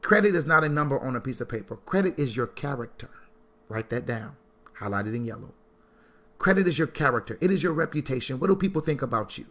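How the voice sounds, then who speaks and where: Animated preacherly man teaching finances. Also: fast talker. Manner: preacherly, animated, repeats lines for emphasis; swings from low asides to loud high-pitched bursts. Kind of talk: sermon-style financial talk.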